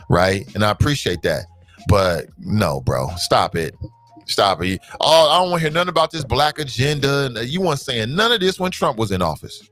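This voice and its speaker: Hosting a live talk show, a man from Cincinnati in the United States reads viewer comments aloud and banters casually with his audience. His voice is medium-pitched and fairly bright, with no echo.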